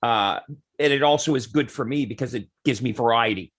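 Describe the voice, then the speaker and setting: A man's voice: mid-range voice, fairly quick. A man, a podcast guest, chatting casually and acting out what other people said as he tells stories. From Canada. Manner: animated storyteller who acts out what others say. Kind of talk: casual chat.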